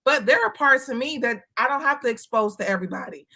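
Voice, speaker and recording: A woman's voice: on the high side, expressive, fast, gravelly, bright, forceful tone. A woman from Chicago talking candidly in a casual chat, emphatic and blunt, swearing now and then. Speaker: co-host.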